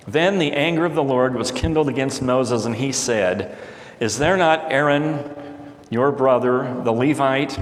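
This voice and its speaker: A man's voice: medium pitch, a little slow. A man preaching a sermon as pastor, reading scripture aloud and retelling it in casual modern words. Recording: echoey hall with faint ambience.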